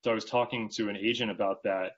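Man with a low voice telling rambling stories. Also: fast, dull audio. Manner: rambling, animated storyteller with many restarts. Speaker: podcast guest, magazine writer. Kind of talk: casual interview chat.

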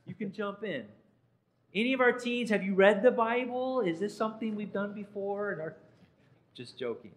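High-voiced man quizzing a congregation. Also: expressive, moderate pace, poor audio. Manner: playful, quizzing listeners by name. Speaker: pastor. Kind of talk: interactive sermon with questions to the congregation. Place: church sanctuary.

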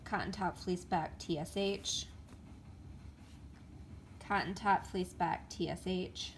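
A woman's voice: lowish voice, fairly even intonation, takes it slowly, a little hiss or hum. A woman chatting casually to camera in a show-and-tell vlog, stumbling over names and filling gaps with ums. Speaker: vlogger.

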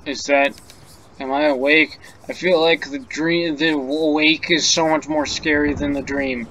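A fretful young woman composer stammers through her fears in a game scene, voiced by a man reading aloud. She speaks at a slow, measured pace with a mid-pitched voice. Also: fairly even intonation, sharp tone, a little hiss or hum, poor audio. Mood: frightened. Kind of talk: game dialogue read aloud.

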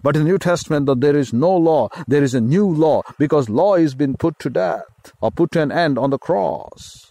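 A man's voice: on the high side, lively intonation, vocal fry, dark tone, dry recording. Indian-accented man preaching, dry sound. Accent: Indian English. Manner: slow emphatic preaching with repeated phrases. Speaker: pastor. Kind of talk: sermon.

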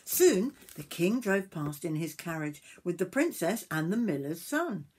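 An older woman reading a picture book aloud to children, gentle and stopping to point at the pictures. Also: lowish voice, big pitch swings, unhurried, slight background noise. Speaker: storyteller grandmother.

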